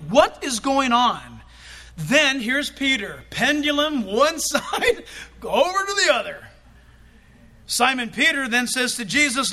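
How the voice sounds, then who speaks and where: Middle-aged guy preaching, high bright voice, super animated, gets loud acting stuff out. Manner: animated, acts out quotes with sudden loud bursts. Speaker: pastor. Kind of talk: sermon.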